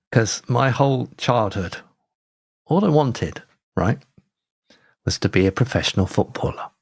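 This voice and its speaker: Teasing Leicester-accented male co-host, lively delivery, dry close recording. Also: mid-range voice, slow pace, creaky, pauses often, slightly rough, dry recording. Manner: playful, teasing, stammering restarts. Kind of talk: comedic banter.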